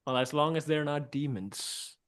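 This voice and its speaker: Playful male improv host on a video call, slightly high voice. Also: moderate pace, a bit bright. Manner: playful, trailing off into laughter. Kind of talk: hosting an online improv game in costume persona.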